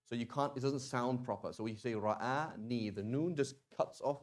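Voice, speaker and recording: A man teaching a language class in a relaxed, chatty way, often stopping to sound out words slowly and restarting sentences. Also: mid-range voice. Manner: casual, conversational, with many fillers and restarts. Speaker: Arabic teacher. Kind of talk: classroom lesson.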